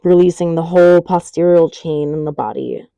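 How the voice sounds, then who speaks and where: A woman yoga instructor giving calm, unhurried cues for poses and breathing. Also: low voice, creaky, smooth, no room sound, muffled recording. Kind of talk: guided yoga class instruction.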